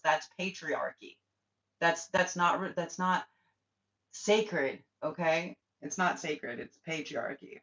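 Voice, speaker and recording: A woman's voice: lowish voice, animated, takes it slowly, a bit bright. A woman hosting a spiritual livestream, talking bluntly and swearing often as she rants to her viewers. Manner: blunt, profane, ranting. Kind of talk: casual livestream chat. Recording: dull lo-fi livestream audio.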